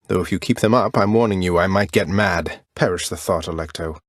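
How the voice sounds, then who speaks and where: An actor playing a wry, good-natured young prince of the underworld, with a dry, polite manner in game voice lines. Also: male voice, low voice, brisk, no room sound. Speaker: video game protagonist. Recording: dry studio recording.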